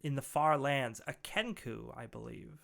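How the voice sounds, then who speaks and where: A man voicing a huge, friendly male ogre with a deep, gravelly voice and slow, hospitable speech. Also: lively intonation, a bit bright, heavily acted. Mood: welcoming.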